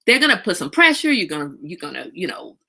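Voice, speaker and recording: Outspoken and lively, this middle-aged host runs a relaxed livestream conversation at a quick pace with a creaky voice, occasionally breaking into a high sing-song tone.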